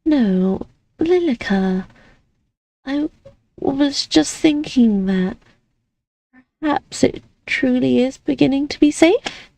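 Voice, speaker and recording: A woman voicing a sweet, naive, sheltered young lady of the house, gentle and trusting in manner. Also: high voice, expressive, slow pace, gravelly, pauses often, pitched above the performer's own voice, full character voice. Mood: hesitant.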